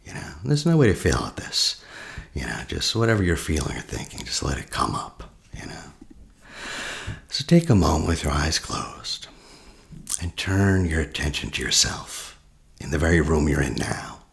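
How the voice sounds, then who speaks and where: A man, a therapist, casually demonstrating a guided meditation, often dropping to a breathy near-whisper. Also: rumbling low, sing-song, normal speed.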